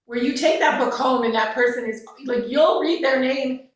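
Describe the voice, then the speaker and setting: A woman's voice: high-pitched, moderate pace, recorded from a distance. A woman, a life coach and counselor, talking candidly and emotionally in casual conversation, swearing now and then. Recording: echoey room, away from the mic.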